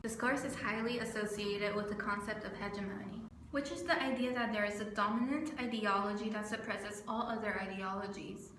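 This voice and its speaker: A woman's voice: mid-range voice, steady tone, a little fast, few pauses, fairly bright tone. Young woman, student, scripted video essay narration, earnest, roomy echo, faint noise. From California. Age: young adult.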